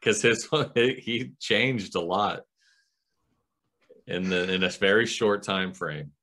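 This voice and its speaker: A man's voice: lowish voice, slow, sharp tone. A man co-hosting a movie review podcast, chatting casually and earnestly and laughing easily. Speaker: podcast co-host.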